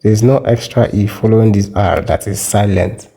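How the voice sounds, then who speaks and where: A man teaching a French lesson, repeating words slowly and carefully so they can be copied. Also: fairly low pitch, fairly even intonation, warm tone. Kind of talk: slow explanatory lesson.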